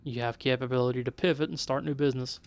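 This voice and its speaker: A man's voice: mid-range voice, fairly even intonation, fast, smooth, close to an everyday voice. A man voicing a scheming female demon boss with an Eastern European accent, speaking cool, broken, formal English. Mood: cool, businesslike. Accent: Eastern European, put on.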